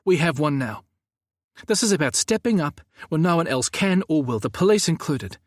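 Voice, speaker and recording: A man voicing a calm, resolute young man who speaks in an earnest, measured way. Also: on the high side, no echo, clean studio sound, pitched above the performer's own voice.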